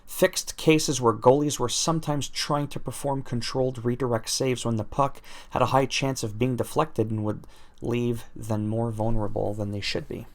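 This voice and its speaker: A man's voice: mid-range voice, steady tone, moderate pace. A man reading out video game patch notes aloud, breaking off with self-deprecating jokes and laughing at his own asides. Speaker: gaming YouTuber.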